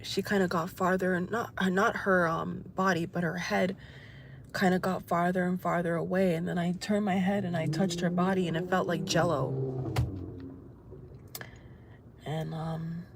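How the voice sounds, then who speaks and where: A woman vlogger cries into her phone camera while driving, her lowish voice unhurried with vocal fry and fairly even intonation. In this tearful personal vlog she rambles and repeats herself, with loud car noise in the background.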